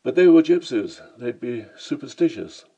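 A man's voice: medium pitch, animated, moderate pace, warm tone, breathy edge, dull audio. A man narrating his own travel memoir in a vivid, dramatic storytelling manner.

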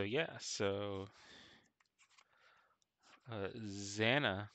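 A man narrating as game master, halting and full of fillers. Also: lowish voice, bright, forceful tone, no echo.

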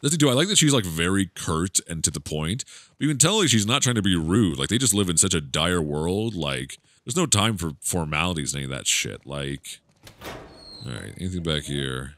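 A man's voice: deep voice, animated, brisk, a bit bright. A man giving rambling, joking commentary while playing a video game, laughing often. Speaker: gaming YouTuber. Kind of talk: casual let's-play commentary.

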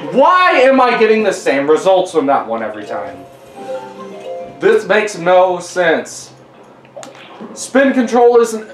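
A young man giving casual gameplay commentary at home, exasperated and yelling at the game. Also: high voice, huge pitch swings, takes it slowly, pauses often, roomy sound, over music, low-quality recording. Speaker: gaming YouTuber. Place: home living room.

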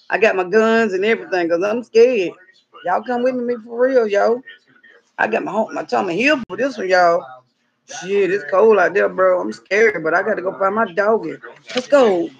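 A woman with a gravelly, fry-heavy voice talks to her viewers outdoors in the cold. Her delivery is dramatic and slangy, and she often shouts out calls. The sound is a dull, muffled, lo-fi phone recording. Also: mid-range voice. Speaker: vlogger. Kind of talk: casual outdoor vlog.

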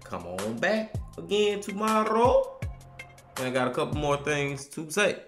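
A man hosting a reaction video, talking loudly and casually with lots of swearing and sudden shouts. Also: on the high side, unhurried, soft background music. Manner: loud, animated, swearing, rising to shouts. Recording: roomy echo.

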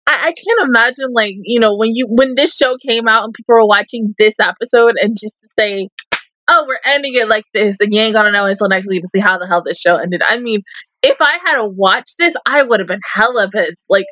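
A young woman giving casual, expressive reaction commentary, talking back to the screen, swearing and laughing often. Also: on the high side, fairly quick, no echo, dull audio. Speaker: anime reaction YouTuber.

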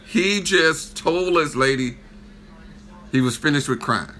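Bright, excitable man reacting. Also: fairly high pitch, slow pace. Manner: incredulous, laughing, excitable. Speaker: video reactor. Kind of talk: casual reaction chat.

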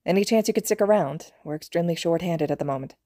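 A woman reading as a polite, grateful hospital staffer worn down by a busy night. Her voice is low and mellow, with a dry close sound. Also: fast, no echo, close to an everyday voice. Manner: polite, sincere.

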